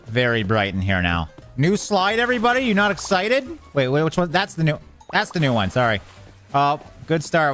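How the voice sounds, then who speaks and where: A young man streams a building game and talks through every move in a loose, chatty way. He mocks himself and jumps to sudden excitement, his voice sitting in a middle register. Faint music plays under his talk. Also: mid-range voice. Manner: chatty, self-mocking, easily excited. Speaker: gaming streamer. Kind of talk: casual gameplay commentary.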